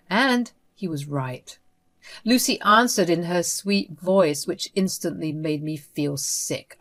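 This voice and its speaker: A woman's voice: fairly low pitch, fairly bright tone. A woman narrating a first-person story in a tense, dramatic retelling.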